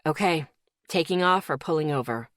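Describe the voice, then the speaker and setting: A woman's voice: low-pitched, lively intonation, normal speed, no room sound, studio quality, voice pushed down. A woman voicing a matter-of-fact young man in an audiobook. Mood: practical. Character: practical young man, mildly lecturing.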